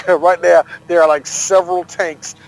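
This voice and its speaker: A man's voice: sits high, level tone, measured pace, gravelly, rough recording. A man co-hosting a casual sports podcast, joking, swearing and laughing often. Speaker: podcast co-host.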